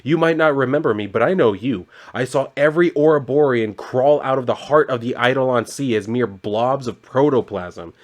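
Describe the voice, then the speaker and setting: A man's voice: medium pitch, normal speed, few pauses, lightly acted. A man reading the lines of a boastful ancient male shark guardian from a comic, declaiming. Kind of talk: reading comic dialogue aloud.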